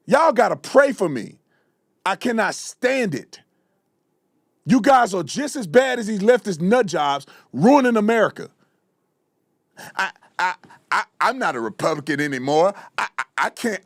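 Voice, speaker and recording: High-pitched man ranting hotly. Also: no echo, studio quality. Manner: fiery, ranting, repeats himself, shouts at times. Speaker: show host. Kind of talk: heated live political commentary.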